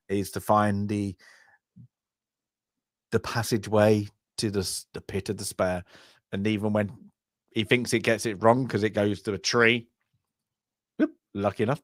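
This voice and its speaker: A man co-hosting a film review podcast in casual chat, rambling and trailing off, then breaking into loud shouted impressions. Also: lowish voice, no room sound, studio quality. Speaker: podcast co-host.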